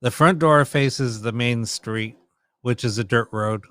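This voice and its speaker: A man hosts a late-night live stream, chatting loosely with viewers and playfully scolding them. His voice is smooth and clear, at an ordinary middle pitch. The sound is dry and close, with no room around it. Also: measured pace, fairly bright tone, dry recording. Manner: chatty, laughing, teasing back at viewers. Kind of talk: casual chat with live chat viewers.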